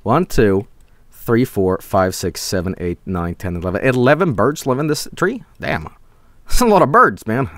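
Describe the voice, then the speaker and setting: Excitable Swedish man streaming a game. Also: on the low side, moderate pace, no echo. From Sweden. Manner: excitable, profane, laughs often. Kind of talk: live gameplay commentary.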